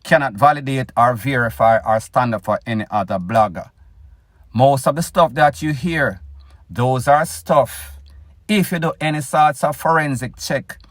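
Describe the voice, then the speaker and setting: A Jamaican man with a mid-range voice hosts a news commentary show as a news blogger, speaking slowly and deliberately with an opinionated edge. He addresses his listeners directly as "people," and the recording is dry and close-miked with no room sound.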